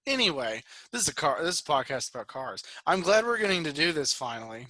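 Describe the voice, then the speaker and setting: A man's voice: a little high, sing-song, fast, pushed and bright, no echo. Twenties guy cohosting a podcast over a call, rambly and cussing, pretty dry sound. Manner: loose, profane, rambling storytelling. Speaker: podcast co-host. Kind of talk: casual chat. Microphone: video call.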